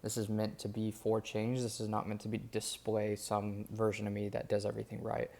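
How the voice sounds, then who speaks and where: A man's voice: lowish voice, completely flat delivery, brisk, gravelly, a little mellow. A young man talking through his day in a casual vlog, rambling and candid with lots of fillers. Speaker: vlogger documenting his days.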